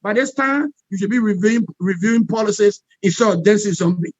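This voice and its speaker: Fiery high-voiced man. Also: fairly quick, no echo. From Liberia. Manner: emphatic, repetitive, punctuates points with "all right?". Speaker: interview guest, peace expert. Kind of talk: impassioned political commentary. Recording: dull lo-fi dry sound.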